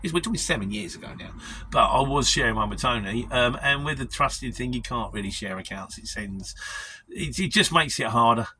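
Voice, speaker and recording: A man's voice: medium pitch, lively intonation, fairly quick, pushed and bright, a little hiss or hum. A middle-aged man with a London Mockney accent, chatting casually and self-deprecatingly as he answers viewer questions on his vlog. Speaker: lorry driver vlogger.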